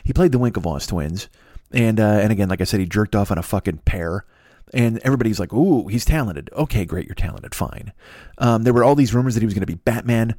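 A man's voice: fairly low pitch, fast, a little mellow, dry recording, studio quality. A middle-aged man hosting a podcast, riffing profanely through a comedic monologue that keeps wandering off on tangents. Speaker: podcast host.

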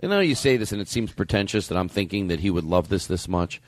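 A man's voice: low voice, quick pace, dry recording. A man hosting a comedy podcast, rambling and swearing in casual banter. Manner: profane, rambling, animated. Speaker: podcast host.

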